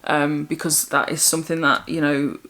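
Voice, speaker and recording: A woman's voice: low-pitched, flat delivery, normal speed, bright, forceful tone. A young adult woman from England chatting candidly and in a rambling way as a vlogger. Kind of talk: casual chat.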